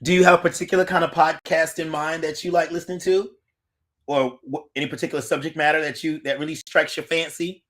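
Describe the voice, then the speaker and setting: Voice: mid-range voice, fairly even intonation, fast talker, fairly bright tone. An adult host chatting casually on a live stream, greeting viewers by name and reading their comments aloud, recorded on a phone.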